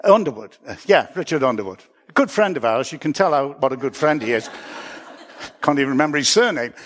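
A man's voice: mid-range voice, lively intonation, brisk, fairly bright tone. A man, a pastor, preaching a sermon in an earnest, reflective way, with small chuckles and self-corrections. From Britain.

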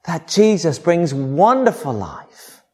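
A man preaching a sermon to a congregation, with expressive, varied emphasis. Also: a little high, slow pace, husky.

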